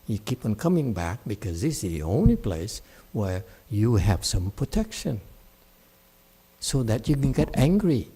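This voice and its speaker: A man teaching meditation, blunt and scolding, who mocks his students' excuses and swings between loud outbursts and quiet muttering. English is not his first language. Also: fairly low pitch, big pitch swings, a little slow, husky. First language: Chinese. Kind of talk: dharma talk answering students.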